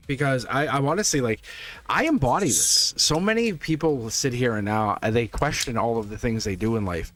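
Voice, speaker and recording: A man's voice: medium pitch, a bit bright. A middle-aged man reading tarot live, chatting casually, laughing often and repeating himself. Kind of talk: casual live-stream chat. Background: test music.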